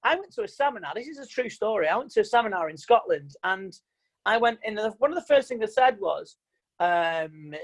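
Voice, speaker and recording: This mind coach leads his online motivational seminar by video call, hammering points home in plain, repetitive, emphatic speech. He sounds high-pitched, expressive, and brisk, captured on a rough recording.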